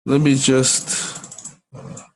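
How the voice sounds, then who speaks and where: A middle-aged man teaching forex goes through charts on a shared screen, speaking very slowly in a monotone, mid-range voice. His style is conversational, packed with fillers and "right?" checks. The recording is low quality with a little background noise.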